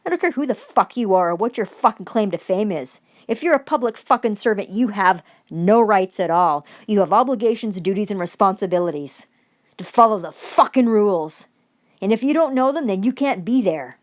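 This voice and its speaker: A woman's voice: mid-range voice, animated, a little fast. Woman in a furious, profane rant. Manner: heated, swearing, accusatory; reads out formal demands between outbursts. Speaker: vlogger.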